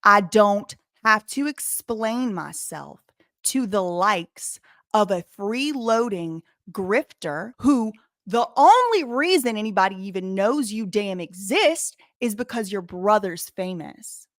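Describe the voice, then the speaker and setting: A woman hosting commentary, talking indignantly and repeating her points with deliberate stresses. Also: medium pitch, animated, fairly bright tone, no room sound, studio quality. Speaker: commentary channel host. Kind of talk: emphatic to-camera commentary.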